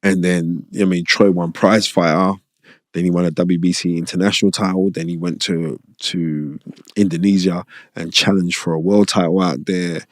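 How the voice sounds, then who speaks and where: A middle-aged British man telling stories as a guest on an interview show, animated and acting out what others said in lively voices. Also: low voice, normal speed, no room sound. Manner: animated, acts out quoted people in raised voices. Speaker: boxing promoter and pundit, guest. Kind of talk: casual storytelling interview.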